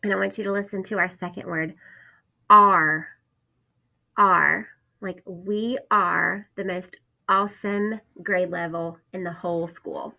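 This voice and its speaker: A woman teaching a phonics lesson to first graders, sounding out letters and words slowly and clearly. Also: fairly low pitch, sharp tone. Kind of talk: phonics lesson for young children.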